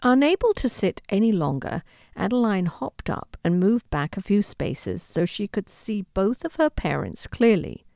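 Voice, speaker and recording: A woman narrating a historical romance audiobook in an expressive storytelling manner. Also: medium pitch, a little slow, creaky, dry recording, clean studio sound. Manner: expressive, with lively intonation.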